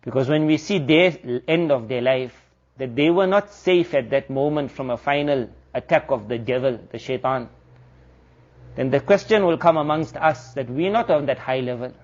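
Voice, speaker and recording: A man's voice: medium pitch, moderate pace, darkish tone, lo-fi sound. A man preaching a sermon, telling a story earnestly and mixing in Arabic and Urdu religious terms. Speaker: Islamic preacher.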